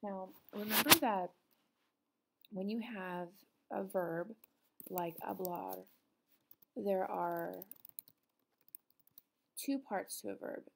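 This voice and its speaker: A middle-aged woman teaching a recorded Spanish lesson, explaining patiently with frequent pauses and ums. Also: medium pitch, fairly even intonation, creaky, noisy background.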